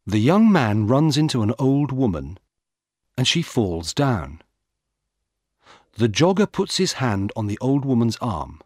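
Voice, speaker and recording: Man reading a simple story slow, low husky voice, dry close sound. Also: big pitch swings, dry recording. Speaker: narrator. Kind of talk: scripted storybook narration.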